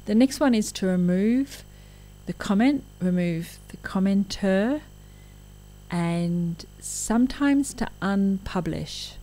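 A woman's voice: mid-range voice, lively intonation, slow, mellow, poor audio. A woman giving a recorded lecture, talking frankly and conversationally with asides.

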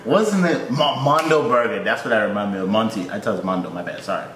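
A man's voice: on the low side, quick pace, echoey room, noisy background. A man hosting a reaction video, joking loosely in casual slang and swearing freely.

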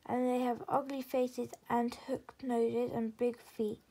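A woman's voice: a little high, little pitch movement, takes it slowly, dark tone, breathy edge, exaggerated voice. A woman voicing two small, kind fairy sisters in a storybook reading. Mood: anxious.

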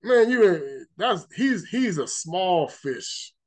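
A man with a somewhat high voice delivers a loose spiritual teaching monologue. He is emphatic and rambling, circling back over his points and repeating words. Now and then he stops to read scripture aloud. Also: big pitch swings, slow pace. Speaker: religious teacher.

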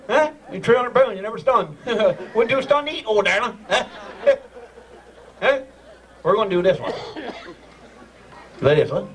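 Teasing Newfoundland man, high voice. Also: expressive, normal speed, long pauses, slight background noise. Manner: teasing, laughing often. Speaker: screech-in ceremony leader. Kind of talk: joking crowd banter. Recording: far mic over a loud crowd.

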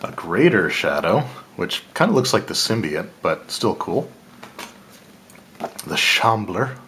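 This is an unhurried, low-voiced male host talking through an unboxing of game cards for his channel. His manner is easygoing, full of thinking aloud, small laughs, and self-corrections, and a faint hum sits in the background.

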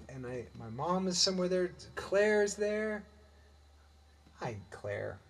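A man's voice: medium pitch, gravelly, fairly bright tone, a little hiss or hum. A middle-aged man hosting a live-streamed music show, chatting with viewers and greeting them by name. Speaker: livestream musician host. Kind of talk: live-streamed singalong and chat. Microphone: webcam or computer mic. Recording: faint guitar music behind.

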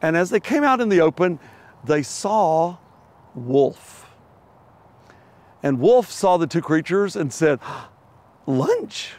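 A man's voice: on the high side, lively intonation, slow pace, long pauses, darkish tone. A middle-aged man preaching a sermon, telling a children's animal story with playful voices before turning to its lesson. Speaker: pastor.

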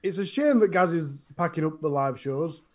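An easygoing man with a Northern English accent reads out viewer comments on a live stream. His voice sits slightly high. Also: expressive, moderate pace. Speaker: co-host reading chat. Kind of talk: casual live-stream chat.

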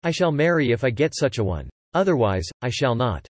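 An earnest, remorseful ascetic sage, as a man reads him aloud, speaking in a solemn archaic cadence. His pitch rises and falls with lively movement, and the sound is dry and close. It is a storybook reading of an old epic. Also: a little fast, slightly rough, dry recording. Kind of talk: scripted epic narration.

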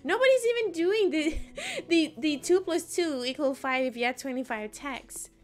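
Bubbly high-voiced woman streamer. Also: lively intonation, moderate pace, faint music behind. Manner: playful, giggly, answering chat. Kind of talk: casual live-stream chat while gaming.

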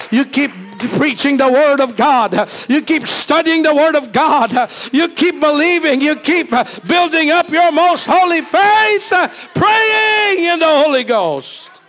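A man voicing God as a fatherly divine figure who reassures a preacher and builds into fervent, shouted exhortation. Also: very high-pitched, voice pushed up.

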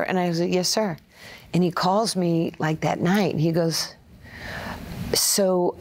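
A woman's voice: on the low side, a little slow, darkish tone. A woman, telling stories as an interview guest and acting out the voices of the people she quotes. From Brooklyn, New York. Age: 60s. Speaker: interview guest, former player and coach. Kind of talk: conversational storytelling.

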